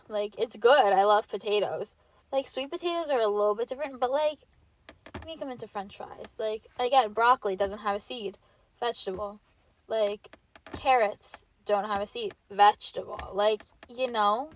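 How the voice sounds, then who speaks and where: A young woman hosts a solo podcast, chatting casually and rambling with constant filler words. Her voice, on the high side, sounds a bit stuffy and sniffly because of a cold.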